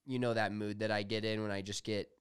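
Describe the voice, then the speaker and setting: A young man co-hosting a podcast, telling animated, profane stories in casual chat. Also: on the low side, fast, smooth, no echo, clean studio sound. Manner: animated storytelling, swears freely. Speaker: podcast co-host.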